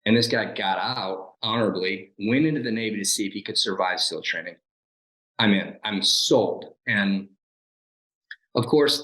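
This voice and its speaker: Bright, lively man telling his story. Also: lowish voice, roomy sound, poor audio. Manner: animated storyteller who acts out quoted lines and laughs at himself. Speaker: podcast guest, former Navy SEAL sniper. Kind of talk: personal storytelling in an interview.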